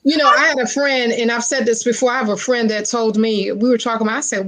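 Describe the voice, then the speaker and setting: A woman's voice: on the high side, quick pace, hardly any pauses, fairly bright tone. A woman talk show guest speaking emphatically and motivationally, repeating phrases for stress in casual interview chat.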